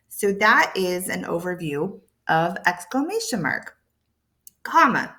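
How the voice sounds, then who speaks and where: A woman's voice: medium pitch, lively intonation, unhurried, pushed and bright. A woman teaching English to learners, explaining patiently with playful emphasis and sound words. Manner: patient, repeats key points. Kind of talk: explaining lesson to camera.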